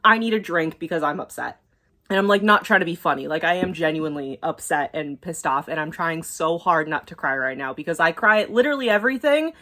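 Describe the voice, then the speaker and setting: A young woman talking casually to her camera at home, emotional and quick, swearing and filling with "like". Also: sits low, lively intonation, pushed and bright. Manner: emotional, fast, swearing, many fillers. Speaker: YouTuber. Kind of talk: casual vlog chat.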